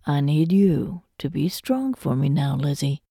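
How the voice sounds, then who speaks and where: A woman reading an audiobook voices a young soldier, speaking softly and slowly to reassure. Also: deep voice, sing-song, vocal fry, breathy edge, no room sound, clean studio sound, exaggerated voice. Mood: tender. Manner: soft, slow, reassuring. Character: gentle young soldier, calm and tender. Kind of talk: audiobook character voice.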